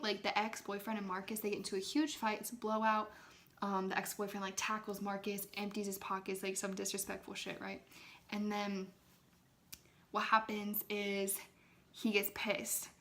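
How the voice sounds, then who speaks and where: Young woman, mid pitch, loose casual chat, lots of "like", soft whispers now and then. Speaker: ASMR creator talking to viewers. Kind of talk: casual chat, retelling a film.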